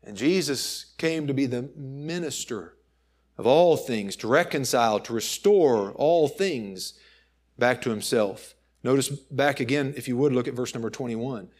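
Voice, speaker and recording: A man preaching a sermon, emphatic, swinging between raised and hushed phrases and slowing to stress key words. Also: mid-range voice, animated. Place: church.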